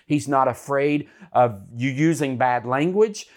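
Man, faith talk show co-host, earnest and encouraging, mid-pitched preacherly delivery. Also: measured pace.

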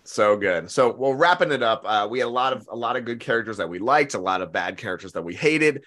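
A man's voice: medium pitch, lively intonation, fast talker, fairly bright tone. A man hosting a casual podcast chat, joking and laughing often as he moves the talk along. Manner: jokey, laughs often, leads the segments. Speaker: podcast host.

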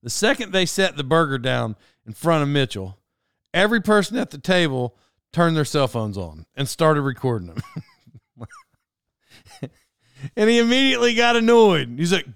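A young man rattles through a personal story in a casual, rambling way, often breaking off mid-sentence for side notes. His voice sits a little high and sounds smooth and clear. The recording is close and dry. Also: normal speed, no echo. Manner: animated, self-interrupting. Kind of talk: casual anecdote monologue.

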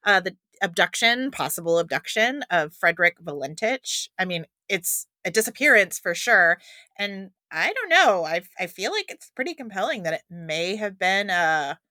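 A woman co-hosting a podcast, talking in a bubbly, quick, casual way. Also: mid-range voice, very animated, pushed and bright, no room sound, clean studio sound. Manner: bubbly, quick, laughs often. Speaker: podcast co-host.

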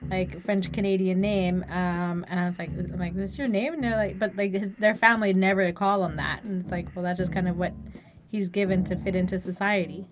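A woman's voice: on the low side, level tone, fairly quick, background noise. Rambling young woman full of fillers. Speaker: music review podcast co-host. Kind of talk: casual chat.

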